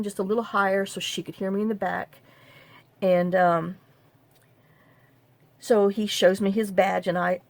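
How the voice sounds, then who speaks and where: A woman's voice: fairly low pitch, vocal fry, no room sound. A woman, telling a personal story to camera in a casual, rambling, half-joking way. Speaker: craft vlogger.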